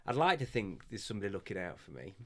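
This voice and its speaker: Male podcast host, low voice, thoughtful, stumbles over his words. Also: big pitch swings, quick pace. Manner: hesitant, self-deprecating, reflective. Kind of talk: casual podcast chat.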